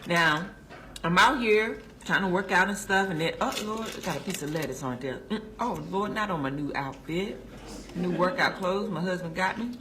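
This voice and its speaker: A woman's voice: fairly low pitch, normal speed, bright, forceful tone, slight background noise. A woman filming herself in a car, gushing over a sandwich with preacher-like praise and talking with her mouth full. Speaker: food vlogger. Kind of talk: casual selfie video review. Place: inside a car.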